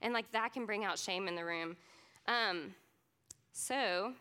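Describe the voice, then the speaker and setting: A young woman teaching a class in a loose, chatty way, filling her sentences with "like." Her voice is bright and crisp, and it rings with the long reverb of a hall. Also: mid-range voice, slow. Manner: earnest, chatty, many "like" fillers. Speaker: speaker teaching a youth ministry class. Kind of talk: casual class talk.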